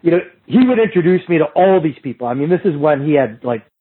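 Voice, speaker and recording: Through a thin remote line that sounds like a phone, an animated middle-aged podcast guest talks at a quick pace. His slightly high, husky voice carries rambling anecdotes full of restarts and impressions of the people he's quoting, in a casual storytelling chat.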